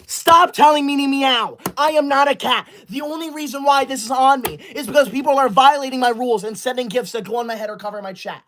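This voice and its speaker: A man's voice: very high-pitched, fast, few pauses, pushed and bright, a little hiss or hum. A man playing a bossy teacher's-pet streamer. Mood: indignant. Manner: indignant, scolding, self-righteous. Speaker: livestreamer character. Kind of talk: comedic skit of a livestream.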